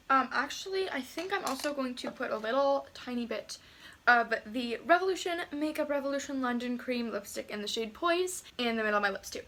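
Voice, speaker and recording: A woman with a notably high voice talks the viewer through her makeup step by step. Her tone is chatty and casual, and she pokes gentle fun at herself as she goes. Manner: chatty, self-deprecating, talks while doing makeup. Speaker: beauty vlogger. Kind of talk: casual makeup tutorial chat.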